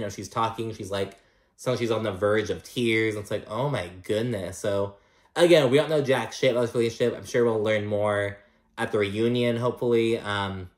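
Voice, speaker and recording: Chatty man recapping in an echoey room. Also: lowish voice. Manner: chatty, gossipy and profane, full of likes and you knows. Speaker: reality TV recap host. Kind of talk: casual episode recap commentary. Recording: roomy echo.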